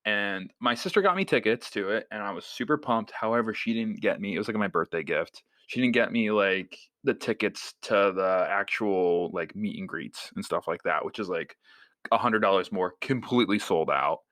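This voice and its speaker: A man's voice: on the low side, moderate pace, no echo. A young man in his twenties, a podcast co-host, telling a story in casual chat, full of fillers and acted-out quotes. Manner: animated storyteller, many fillers, acts out quoted voices.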